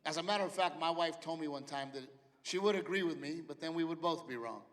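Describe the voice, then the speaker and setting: A man's voice: on the high side, quick pace, fairly bright tone. A middle-aged man doing stand-up comedy in a theater with brash, profane storytelling and acted-out quotes. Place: large theater stage with a live audience. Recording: live hall reverb, audience noise.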